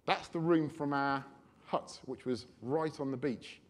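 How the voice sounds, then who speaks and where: A man preaching a sermon, telling a personal story in a chatty, animated way. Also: mid-range voice, a little slow.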